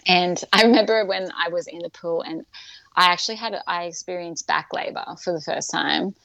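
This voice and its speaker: Gravel-edged woman telling her birth story. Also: lowish voice, brisk, fairly bright tone, no room sound, highs cut off. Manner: chatty, many fillers, laughs often. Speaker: guest.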